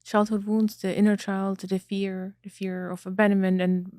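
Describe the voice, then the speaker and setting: A woman hosting an interview, asking probing questions and giving short, soft reactions. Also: medium pitch, flat delivery, normal speed, no echo. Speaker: podcast host. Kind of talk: interview conversation.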